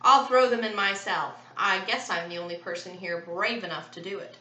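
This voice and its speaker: A woman's voice: mid-range voice, normal speed, bright, forceful tone, echoey room, natural voice, low-quality recording. Storybook henchman, sneering and impatient, voiced by a woman reader. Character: sneering hook-handed male henchman.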